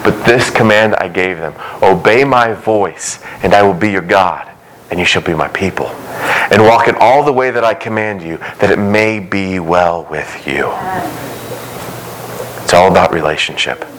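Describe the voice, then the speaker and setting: A middle-aged man preaching a sermon as pastor, earnest and emphatic, his pace shifting from quick runs to slow, stressed words. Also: low-pitched, fairly bright tone, slight background noise, low-quality recording.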